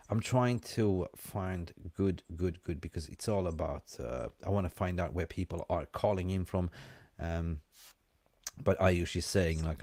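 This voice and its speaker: A man with a mixed accent that has a hint of Australian, co-hosting a casual live-stream chat and bantering excitedly with viewers. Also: low-pitched, no echo, studio quality. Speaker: fan channel co-host.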